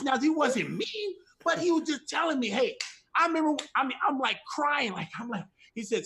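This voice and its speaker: A man's voice: very high voice, expressive, moderate pace, a bit bright. A middle-aged man speaking from home as a guest on a ministry talk show, giving an impassioned testimony in an emphatic, repetitive, preacherly cadence.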